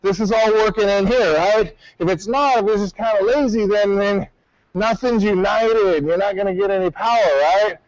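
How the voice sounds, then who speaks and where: A high-voiced male martial arts instructor runs a class at a normal pace, barking commands and counting off drills. The audio is dry and a bit muffled, with no room echo.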